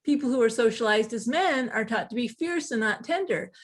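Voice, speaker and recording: A guest author, a woman with a fairly high voice, tells stories in casual conversation. She's animated, tossing in quick asides and laughter.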